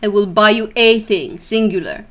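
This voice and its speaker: A woman voicing a gentle, joking widowed father with a put-on Persian accent, earnest and plain-spoken. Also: medium pitch, moderate pace, natural voice. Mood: fatherly.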